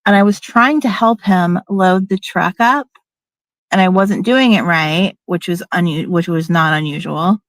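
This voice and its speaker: A woman's voice: fairly low pitch, a little slow, no room sound. A middle-aged woman telling a personal story in a candid, emphatic, casual way, now and then swearing and acting out what people said.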